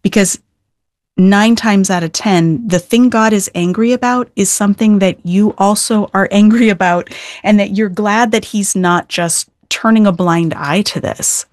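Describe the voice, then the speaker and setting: A woman's voice: mid-range voice, unhurried, a little mellow, dry recording, clean studio sound. A middle-aged woman Old Testament scholar being interviewed, explaining scripture earnestly with emphatic stress and frequent restarts.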